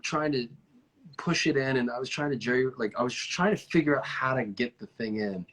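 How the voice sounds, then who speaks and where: A man hosting a casual chat over a video call, telling stories animatedly and sometimes slowing down to reflect. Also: medium pitch, poor audio. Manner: animated storyteller, often stretching out reflective phrases. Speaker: host.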